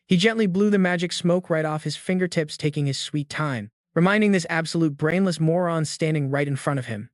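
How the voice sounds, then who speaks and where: A man's voice: on the high side, brisk, hardly any pauses, no room sound, clean studio sound. A man narrating a comic recap in a dramatic, emphatic storytelling manner.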